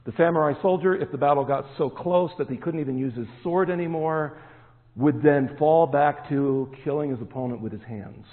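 A man's voice: fairly high pitch, normal speed. A man preaching a sermon as pastor, emphatic and stressing key words. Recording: echoey hall, tinny phone-like sound.

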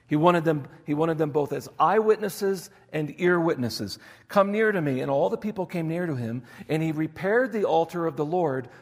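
A man's voice: a little high, big-room sound. A man preaching a sermon, reading scripture aloud and stressing its key points. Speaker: pastor.

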